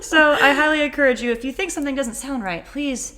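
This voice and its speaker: A woman's voice: high voice, fast, crowd noise. A woman co-hosting a podcast in casual chat, chatty and jokey, often laughing. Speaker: podcast co-host.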